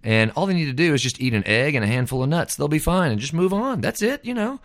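A man's voice: on the high side, expressive, fast, dry recording, studio quality. A man hosting a podcast, rambling in a folksy, casual way, often tossing in "man". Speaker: podcast host. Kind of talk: casual monologue.

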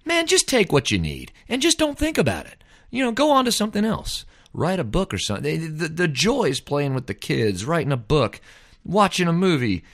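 A man's voice: a little high, wildly swooping pitch, a little fast, no echo, clean studio sound. A man hosting a podcast, rambling in a folksy, casual way, often tossing in "man". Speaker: podcast host. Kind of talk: casual monologue.

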